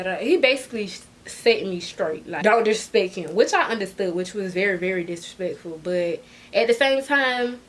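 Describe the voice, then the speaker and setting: Animated young woman telling a story. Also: slight background noise. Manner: animated, swings from loud outbursts to low asides; slangy and expressive. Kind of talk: casual storytime.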